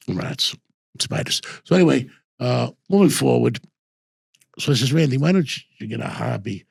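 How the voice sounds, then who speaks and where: Gravelly older New storyteller man. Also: mid-range voice. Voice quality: gravelly, husky. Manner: rambling anecdotes with repeated "I says" and restarts. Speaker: host and former bookmaker. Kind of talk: casual storytelling.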